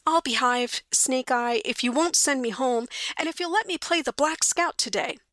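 A woman's voice: high-pitched, normal speed, a bit bright, no room sound, voice pushed up. Woman doing a rowdy, defiant little boy. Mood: sullen. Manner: cocky and threatening, then sullen.

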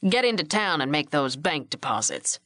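A woman reading an audiobook voices a gruff, commanding middle-aged ranch patriarch who barks curt orders at his grown sons. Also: fairly high pitch, big pitch swings, moderate pace, pushed and bright, no echo, clean studio sound, voice pushed down.

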